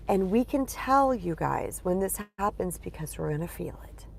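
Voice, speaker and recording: A woman's voice: lowish voice, a little mellow. A middle-aged woman speaking as a spiritual empowerment coach, talking casually and emphatically to viewers from inside her car, often calling them you guys. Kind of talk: casual monologue to camera.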